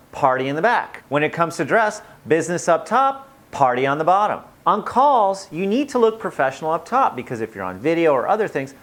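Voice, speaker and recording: Playful, lively-voiced tips host. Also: medium pitch. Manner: playful, jokey, energetic. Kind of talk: upbeat tips video.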